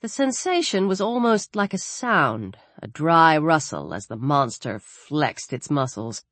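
A woman reading a horror story aloud in a measured, dramatic narrating style. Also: low-pitched, sing-song, a bit bright, dry recording. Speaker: audiobook narrator.

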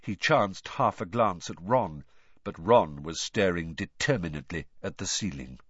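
A man reading a story aloud with expressive, varied narration. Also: sits low, unhurried, breathy edge, no room sound, dull audio. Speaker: audiobook reader.

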